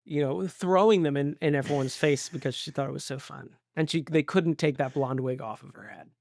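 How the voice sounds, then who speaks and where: A woman co-hosting a casual movie podcast, playful and swearing in quick asides. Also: low-pitched, vocal fry, darkish tone, dry recording, clean studio sound. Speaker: podcast co-host.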